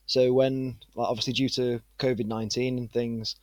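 A man in his twenties with a northern English accent, a guest chatting in a relaxed, rambling way with plenty of fillers. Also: mid-range voice, moderate pace, no echo. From England. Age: 20s. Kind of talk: casual interview chat.

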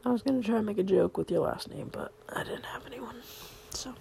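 Whispering woman with a gravelly fry. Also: mid-range voice, a little fast, a little hiss or hum. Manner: rambling, soft-spoken, swears casually. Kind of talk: late-night whispered voice message.

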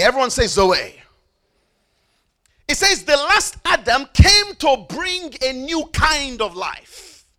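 A man's voice: very high voice, bright, forceful tone. A man preaching a sermon, emphatic, repeating key phrases and calling on the congregation to repeat after him. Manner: emphatic, repeats phrases with call-and-response prompts; slows down for stressed phrases, rushes through asides.

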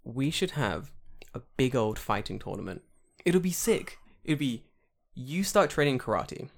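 A podcast co-host chats casually, easily worked up and swearing freely. His pitch leaps and swoops all over the place, and he often breaks into loud outbursts. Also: measured pace, vocal fry. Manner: excitable and profane, with loud outbursts. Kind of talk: casual chat.

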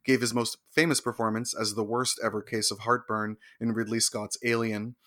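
A man co-hosting a show, reading celebrity birthday notes in a crisp, informative way with wry asides. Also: fairly low pitch, level tone, normal speed, pushed and bright, no room sound, studio quality. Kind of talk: scripted entertainment segment with banter.

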